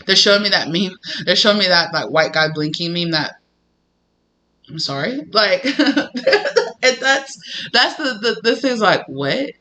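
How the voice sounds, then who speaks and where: Bright, animated male tarot reader. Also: sits high, measured pace. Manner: animated and emphatic, often laughing. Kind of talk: casual tarot reading to camera.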